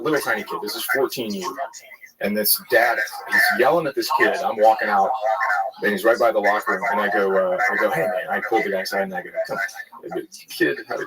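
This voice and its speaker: A man's voice: on the low side, poor audio. A middle-aged man sharing wry anecdotes in a laid-back, casual podcast chat.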